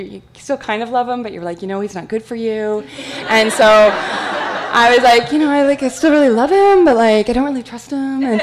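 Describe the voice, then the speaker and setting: A woman giving a talk, telling a personal story in a chatty, animated way with many fillers. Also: medium pitch. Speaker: guest speaker at an art talk.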